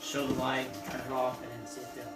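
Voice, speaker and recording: A man's voice: medium pitch, completely flat delivery, brisk. A man playing a tabletop game, describing his character's actions with hesitant, casual talk. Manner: hesitant, uses "like" and restarts. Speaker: player. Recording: distant roomy mic under loud music.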